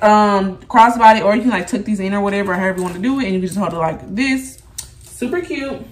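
A young woman vlogger talks her viewers through an unboxing in a loose, chatty way, full of slang and asides to "y'all". Her pitch sits in a middling range. A faint hiss of noise runs under the recording. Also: reverberant, far from the mic. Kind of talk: casual unboxing chat.

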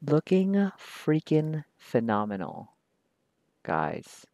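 A man's voice: fairly low pitch, moderate pace, darkish tone, no room sound. A man chatting casually while he draws, rambling in a slangy, profane, laid-back way. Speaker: artist drawing on camera. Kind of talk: casual chat while drawing.

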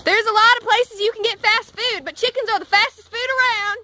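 A woman playing a cheerful country farm girl with a Southern drawl, telling deadpan one-liners. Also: very high-pitched, brisk, a little hiss or hum, voice pushed up. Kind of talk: comedy sketch.

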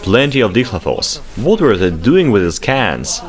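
A man hosting a vlog, giving excited running commentary as he explores an abandoned underground laboratory, exclaiming and urging others along. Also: on the low side, moderate pace. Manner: exclamatory, urgent, bossy when hurrying others.

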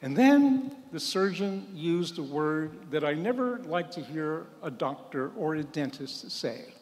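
A man's voice: fairly high pitch, expressive, normal speed, few pauses, a little mellow. A man in his seventies, a priest, telling a humorous personal story in a sermon and acting out the voices of the people in it. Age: 70s. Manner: humorous, acts out quoted voices. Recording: long hall reverb.

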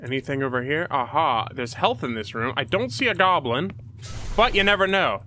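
A man giving excitable commentary on a horror game, yelping and shouting at scares. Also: on the high side, moderate pace, slight background noise. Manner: jumpy, yelps and shouts at scares. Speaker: let's play host.

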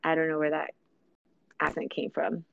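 A woman's voice: low voice, monotone, moderate pace, gravelly, smooth, no echo, phone-quality sound. A woman casually chatting with viewers on a livestream from her kitchen, giggly and answering their comments. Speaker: livestream host. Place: home kitchen.

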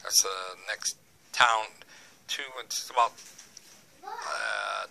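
Rambling older Boston man, bright voice. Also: fairly low pitch, huge pitch swings, very slow, gravelly, slight background noise. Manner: rambling, leans on "you know", folksy jokes. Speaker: vlogger. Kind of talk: casual home vlog chat. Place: at home.

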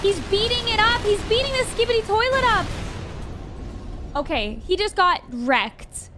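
A woman hosting a reaction video, excitable, gasping often and talking to her viewers as she watches an animation. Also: very high voice, a little slow, music in the background.

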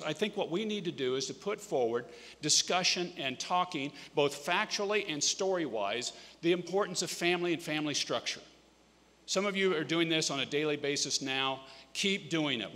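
A man's voice: on the high side, sharp tone. A middle-aged man from Kansas, a state governor giving an earnest conference speech in a folksy storytelling manner. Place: large conference hall. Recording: echoey conference hall.

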